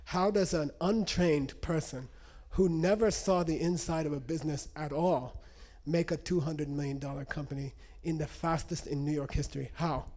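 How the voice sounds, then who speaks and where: Animated male meditation teacher. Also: fairly high pitch. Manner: animated storyteller, checks in with frequent questions. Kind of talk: spoken teaching with anecdotes.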